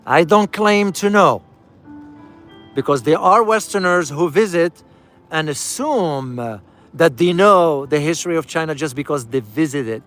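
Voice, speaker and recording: Riding through a city, a man offers casual travel commentary, calling his viewers "guys" and repeating key phrases for emphasis. His voice is fairly high and fairly bright, with lively intonation and a slightly slow pace, while faint music plays behind.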